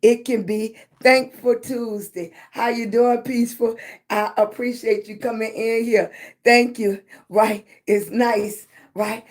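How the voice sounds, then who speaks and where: A middle-aged woman hosting a casual livestream, hoarse with her voice not fully back, greeting viewers by name in an affectionate, encouraging way. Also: a little high, fairly even intonation, takes it slowly, a little mellow. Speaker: livestream host.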